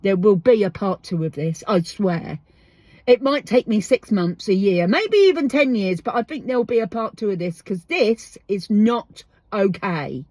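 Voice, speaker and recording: A woman's voice: medium pitch, expressive, normal speed, a little mellow, no echo. Fed-up woman ranting in a van. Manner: exasperated, swears freely, rhetorical questions. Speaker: podcast host. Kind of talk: casual ranting monologue. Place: inside a parked van.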